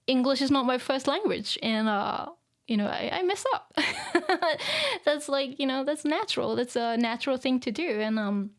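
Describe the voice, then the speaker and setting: Japanese lady streaming a lesson, chatty and giggly, kinda high voice. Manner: chatty, laughs often, many fillers. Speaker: Japanese teacher streaming live. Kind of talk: casual live-stream chat reading comments.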